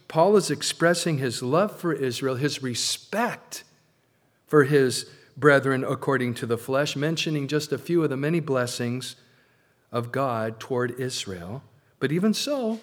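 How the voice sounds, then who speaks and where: A man preaching a sermon as pastor, stressing key words loudly and then dropping low and slow.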